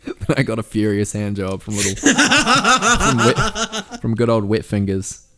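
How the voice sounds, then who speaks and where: A man's voice: wildly swooping pitch, a little slow. A young man telling crude, swear-filled stories on a casual podcast, acting out the quotes. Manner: swears a lot, acts out quotes in a high shouty voice. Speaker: podcast co-host.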